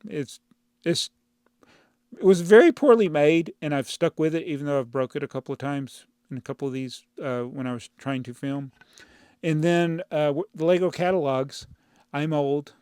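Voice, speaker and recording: In a casual chat from his home studio, a man hosting a channel answers viewer comments, rambling with exasperation and laughing often. His voice is a little high and a little mellow with a clean tone at moderate pace, and the dry recording comes from a clip-on mic in a brick-built housing.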